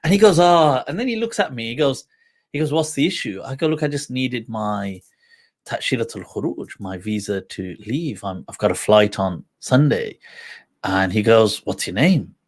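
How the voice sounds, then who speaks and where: Man, talk show host, casual storytelling, animated, laughs a lot, middle pitch. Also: normal speed. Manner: animated, laughs often, acts out quoted voices.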